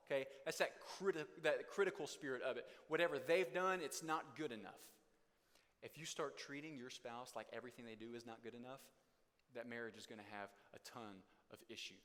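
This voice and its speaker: A man's voice: medium pitch, a bit bright. Young man preaching in a reverberant hall. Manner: conversational preaching, acts out couples' arguments in quick bursts. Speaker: pastor. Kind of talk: sermon. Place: church hall.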